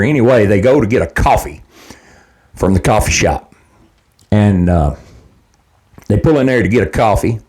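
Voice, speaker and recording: A political commentator with a fairly low, darkish voice rants straight to camera. He's heated, blunt and profane, hammering his points home by repeating them.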